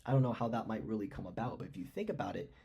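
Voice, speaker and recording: A man's voice: fairly low pitch, animated, racing, creaky, mellow, husky. A man giving casual, rambling stock commentary, musing aloud with lots of fillers. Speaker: finance commentator.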